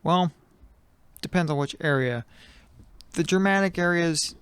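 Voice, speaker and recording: Smooth-voiced joking podcast man. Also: a little high, a little slow, a bit bright, dry recording. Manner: loose, jokey, trailing off with ums. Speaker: podcast co-host. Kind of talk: casual chat.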